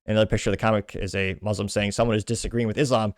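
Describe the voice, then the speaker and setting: A man's voice: lowish voice, flat delivery, dry recording, studio quality. A man hosting a commentary show, reading out social media posts and adding scornful remarks between them. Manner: brisk, scornful commentary between read-out quotes. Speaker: podcast host.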